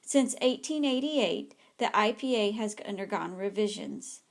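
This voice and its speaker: A woman's voice: mid-range voice, lively intonation, a little slow, gravelly. A woman, an ESL teacher, reads a scripted slide presentation carefully, with small slips.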